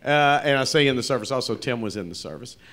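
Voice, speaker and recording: Man hosting a stage interview, mid pitch, stop-start questions, lots of restarts. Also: expressive, fairly bright tone. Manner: halting, many false starts and restarts. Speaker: interview host, club owner. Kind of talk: live interview. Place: comedy theater stage.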